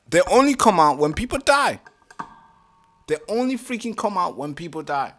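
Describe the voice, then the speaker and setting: A man hosting a live reaction stream, talking casually, animated and exasperated, swearing freely. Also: high voice.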